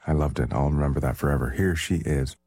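A man hosting a music radio show, talking between songs in a relaxed, chatty way with a few fillers. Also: rumbling low, quick pace, husky. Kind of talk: casual radio DJ patter. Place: Toronto, Canada.

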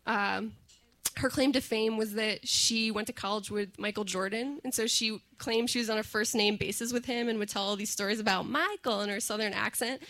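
Bright, lively woman telling a story. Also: fairly high pitch, moderate pace. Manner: animated, acts out quoted voices. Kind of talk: personal storytelling to an audience.

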